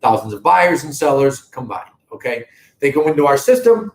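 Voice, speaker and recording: A man's voice: sing-song, moderate pace. A man hosting a live real estate update, talking emphatically and directly to viewers. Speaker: real estate broker host. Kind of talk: live-streamed market update. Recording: echoey room with faint rumble.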